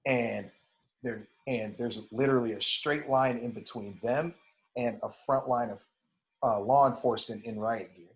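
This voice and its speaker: A man's voice: medium pitch, a little slow. A man in casual podcast conversation, telling a story and acting out the dialogue, swearing now and then. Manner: animated, acts out dialogue in retelling. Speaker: podcast guest.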